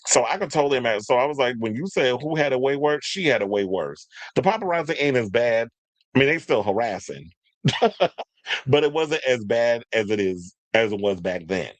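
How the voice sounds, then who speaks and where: A man hosting a casual commentary show, talking in an animated way and mocking others through quick impressions. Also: mid-range voice, no echo. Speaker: podcast host.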